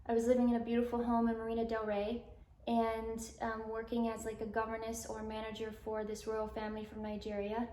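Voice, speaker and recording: A woman's voice: fairly high pitch, monotone, fairly quick, warm tone, roomy sound, a little hiss or hum. A woman from Alabama in her twenties, guest in an interview, rambling through her life story and acting out quoted dialogue with lots of "like". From Alabama, US South.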